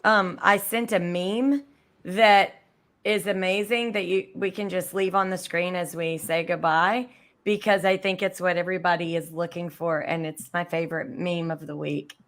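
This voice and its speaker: A woman's voice: lowish voice, fairly even intonation, moderate pace. A woman hosting a casual online discussion, speaking hesitantly with many fillers.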